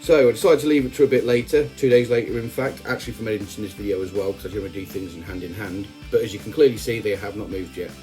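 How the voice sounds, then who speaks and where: A man with a fairly low voice narrates over his own footage in an easygoing, jokey way that keeps drifting into asides. Soft music sits faintly underneath him. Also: fairly even intonation, racing, few pauses. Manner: chatty and joking, with frequent asides. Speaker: ant-keeping channel host.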